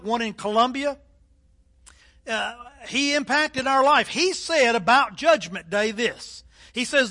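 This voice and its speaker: A man's voice: very high-pitched, bright, forceful tone. An older man preaching a sermon as pastor, emphatic, with a delivery that rises and falls.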